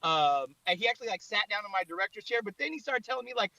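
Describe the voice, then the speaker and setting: A man's voice: high-pitched, lively intonation, fast, gravelly, few pauses, pushed and bright. A man, a videographer, telling a story in casual chat, rambling and full of "like". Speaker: videographer and director. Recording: dull lo-fi online audio.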